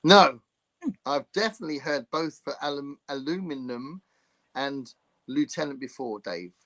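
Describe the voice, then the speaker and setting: A man's voice: medium pitch, expressive, moderate pace, a bit bright. A man co-hosting a casual livestream chat, joking and reading viewer comments aloud. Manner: jokey, reads viewer comments aloud, playful mimicry. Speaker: podcast co-host.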